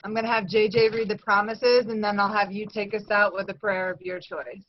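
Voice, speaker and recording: A woman's voice: medium pitch, a little fast, vocal fry, lo-fi sound. A woman chairing a recovery meeting, thanking people and moving things along in a friendly, slightly scattered way. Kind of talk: hosting a meeting.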